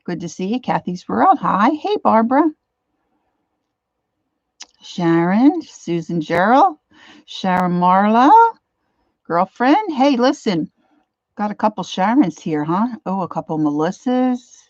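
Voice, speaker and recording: Older woman, host of an art livestream. Chatty and warm toward viewers, greets each by name. Slightly muffled, dry computer-mic sound. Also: mid-range voice, big pitch swings, slow, pauses often, dry recording. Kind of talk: casual livestream chat. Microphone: computer mic, set far from her face.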